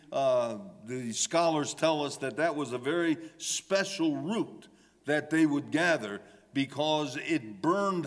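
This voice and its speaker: A man preaching a sermon, speaking emphatically and voicing the psalmist's pleas with rising intensity. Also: fairly high pitch. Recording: long hall reverb.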